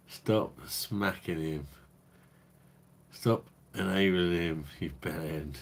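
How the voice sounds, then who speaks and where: A man's low, gravelly voice drifts slowly through a casual live stream where he reviews beer, tipsy from drinking. He rambles, swears, and banters with chat.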